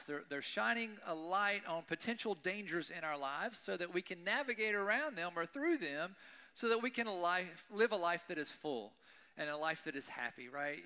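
Bright, clear-voiced male pastor preaching. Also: high-pitched. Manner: conversational, asks the audience "right?". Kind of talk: sermon. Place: church service with congregation.

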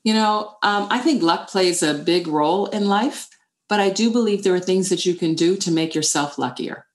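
A woman's voice: lowish voice, moderate pace. A middle-aged woman, an author and former chief executive, answering interview questions and telling stories animatedly, acting out the voices in her head. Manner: animated storytelling, acts out inner voices.

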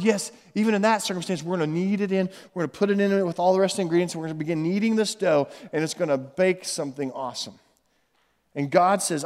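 High-voiced man preaching in an echoey hall. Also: fast. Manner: earnest, animated preaching with repeated phrases. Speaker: pastor. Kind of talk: sermon. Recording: echoey hall with long reverb.

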